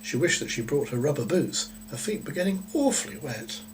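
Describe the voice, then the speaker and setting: A man reading a children's story aloud in a gentle, unhurried way, with occasional small slips. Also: fairly high pitch, very animated, background noise.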